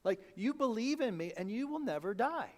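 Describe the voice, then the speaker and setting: A man preaching a sermon as pastor, conversational and animated, acting out the people he quotes. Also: very high voice, a little fast.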